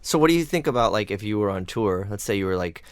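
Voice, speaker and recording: A man hosting a casual podcast interview, rambling through animated stories. His voice is low and smooth, recorded dry and close. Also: fast talker, dry recording. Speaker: podcast host.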